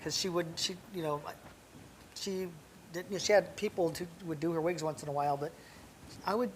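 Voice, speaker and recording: A man guest telling chatty, animated stories in a casual conversation, full of fillers and restarts. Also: on the high side, brisk, a little hiss or hum. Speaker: guest, celebrity hairdresser.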